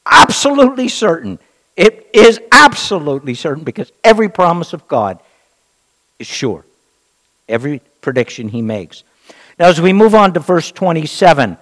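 A man preaching a Bible-teaching sermon in an emphatic, rhetorical way, with dramatic pauses. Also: on the high side, very animated, a bit bright, long reverb tail.

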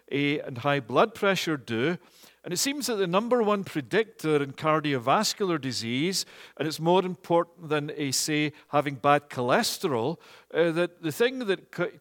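A man preaching a sermon in a church, measured and earnest, often pausing on "eh". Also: a little high, fairly bright tone, long reverb tail. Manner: measured and earnest, with frequent "eh" fillers. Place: church, also streamed online.

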